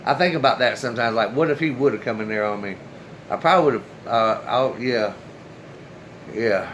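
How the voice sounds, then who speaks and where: A man's voice: mid-range voice, moderate pace, fairly bright tone, a little hiss or hum, rough recording. A man casually telling a personal story straight to his viewers, loose and chatty, with the odd swear word. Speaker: storyteller, channel host.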